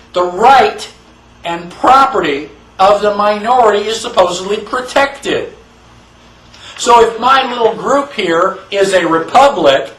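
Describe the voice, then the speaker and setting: High-voiced man lecturing in an echoey room. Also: fairly bright tone. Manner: emphatic, rhetorical questions. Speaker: constitution class lecturer. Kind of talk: classroom lecture. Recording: echoey room, mic far off.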